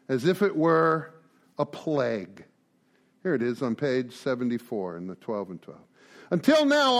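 Animated man giving a recovery talk. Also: fairly high pitch. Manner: animated, acts out conversations, frequent "right?" and "man". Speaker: recovery group speaker.

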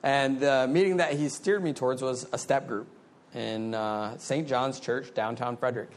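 A middle-aged man talking candidly and loosely, full of "like" and "you know". His voice sits at an ordinary mid pitch. He speaks in a relaxed, conversational way. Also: normal speed. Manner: candid, conversational, many fillers. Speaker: speaker sharing recovery story. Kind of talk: personal storytelling.

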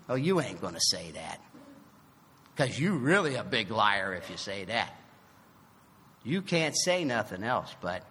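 Slow, lively man telling his story. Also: medium pitch, husky, big-room sound. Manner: animated storytelling, acting out both sides of dialogue; emphatic, swings from loud to soft. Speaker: recovery meeting speaker. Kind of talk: personal recovery testimony.

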